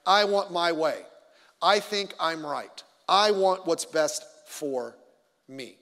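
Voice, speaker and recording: Middle-aged male pastor, high voice, animated sermon delivery, echoing church hall. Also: slow pace. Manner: animated storytelling with stammered restarts, acting out voices. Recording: long hall reverb.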